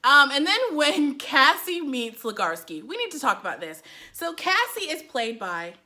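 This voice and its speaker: Animated young woman, high bright voice, sarcastic TV reaction, laughs a lot. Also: moderate pace. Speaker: librarian reviewing TV. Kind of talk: casual TV reaction vlog.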